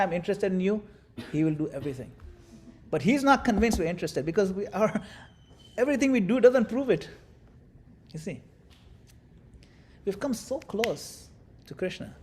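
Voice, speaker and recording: A man with a fairly high voice leads a devotional class, talking in a lively, demonstrative way. He acts things out as he teaches and slips in playful asides. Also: a little hiss or hum. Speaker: spiritual teacher.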